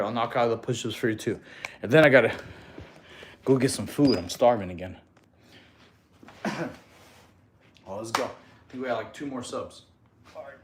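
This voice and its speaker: A man's voice: medium pitch, echoey room, a little hiss or hum. A man chatting casually on a live stream, giving fitness advice, thanking viewers and counting out push-ups, sometimes a little out of breath. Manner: laid-back, chatty, thanks viewers, counts reps aloud.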